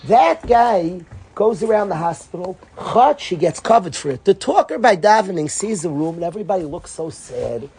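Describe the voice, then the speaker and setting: A man, a rabbi and educator, giving an informal Torah talk as an animated storyteller who acts out dialogue. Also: sits high, moderate pace, vocal fry, hardly any pauses, husky.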